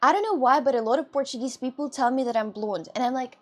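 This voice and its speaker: A woman's voice: high-pitched, quick pace, hardly any pauses. A young woman with a Russian and British mixed accent, chatting casually with her live-stream chat and laughing often.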